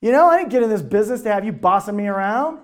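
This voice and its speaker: A man giving an animated motivational talk to a live audience, telling stories and checking in with questions. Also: high-pitched, very fast. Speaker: speaker at a business team event.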